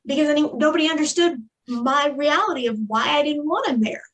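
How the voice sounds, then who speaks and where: A woman's voice: high voice, brisk, few pauses, fairly bright tone, low-quality recording. A woman giving a candid, earnest personal testimony as a guest in an interview, with frequent fillers.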